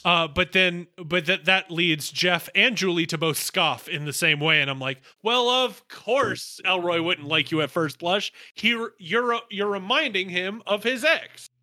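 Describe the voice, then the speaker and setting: A man co-hosting a podcast, chatting casually about a TV episode and agreeably adding quick asides. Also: sits high, sharp tone. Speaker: podcast co-host. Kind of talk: casual chat recapping a TV episode.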